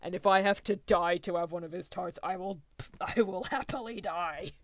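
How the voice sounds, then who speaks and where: A woman's voice: fairly low pitch, normal speed. A woman streamer giving rambling, chatty reaction commentary, often laughing mid-sentence.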